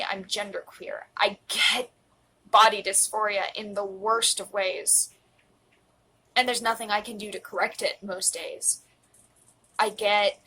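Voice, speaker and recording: Emotional young woman, flat earnest voice. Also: medium pitch, a little hiss or hum, rough recording. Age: 20s. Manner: earnest, heartfelt, sometimes dropping to a whisper. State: emotional, close to tears. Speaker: vlogger. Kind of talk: personal confessional vlog. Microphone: phone.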